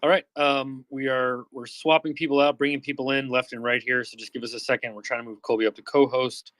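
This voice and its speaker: A man's voice: mid-range voice, flat delivery, fast, a bit bright, no echo. A man hosting a live audio chat, casually organizing the speaker order and asking listeners to share it. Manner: busy, organizing speakers while asking for patience.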